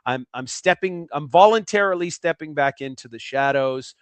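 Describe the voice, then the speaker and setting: A man's voice: on the high side, moderate pace, clear, resonant tone, no room sound. A man co-hosting a casual sports podcast, talking in a thoughtful way and often repeating words as he thinks. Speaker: podcast co-host.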